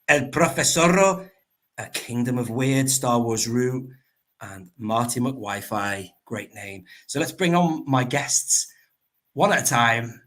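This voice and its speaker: A man hosting a livestream, chatty and rambling, quick to break into a laugh. His voice sits at an ordinary middle pitch, picked up by a laptop microphone rather than a proper mic. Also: fairly bright tone. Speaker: livestream host. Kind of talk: casual livestream chat.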